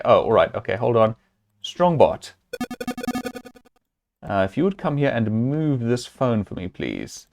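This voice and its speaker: A man's voice: mid-range voice, sing-song, a little slow, vocal fry, pauses often, a little mellow, soft background music. A man streaming a point-and-click adventure, chatting casually and thinking aloud as he works through puzzles, with amused chuckles. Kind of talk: casual let's-play commentary.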